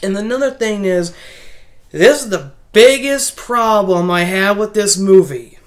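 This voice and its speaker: A woman talking through a film in a casual review, rambling and animated as she circles back and restarts her sentences. Her voice sits at a middling pitch and she speaks slowly. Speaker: movie reviewer. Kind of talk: casual spoken movie review.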